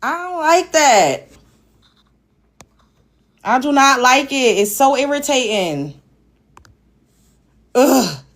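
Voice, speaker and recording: Brooklyn lady hosting a panel, new york accent, swears a lot, kinda high voice. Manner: blunt, profane, exasperated. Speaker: host. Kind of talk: live panel chat.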